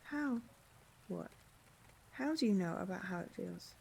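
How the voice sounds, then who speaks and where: A woman reading game dialogue aloud, voicing a guilty, hopeless young man who speaks in a shaky, halting, pleading way. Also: mid-range voice, lively intonation, creaky, a little mellow, a little hiss or hum. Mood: distraught.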